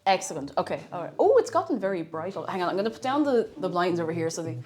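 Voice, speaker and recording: A woman's voice: on the low side, very animated, quick pace, a little mellow. Gushing young woman streamer. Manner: gushing, squealing over a cute figurine, chatty. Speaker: livestreamer. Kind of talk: casual live-stream chatter. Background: faint game music.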